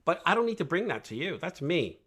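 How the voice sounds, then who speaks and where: A man talking as a guest coach on a podcast, energetic and emphatic, asking rhetorical questions and often tagging "right?" onto his points. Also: fairly high pitch, a little fast. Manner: rhetorical questions, animated storytelling. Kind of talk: podcast conversation.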